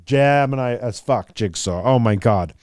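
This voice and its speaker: A man hosting a podcast talks in a loose, rambling way, animated and quick to swear, with fillers all through his speech. His voice sits at a middling pitch. It is recorded dry and close, with no room sound. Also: no room sound. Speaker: podcast host. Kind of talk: casual chat.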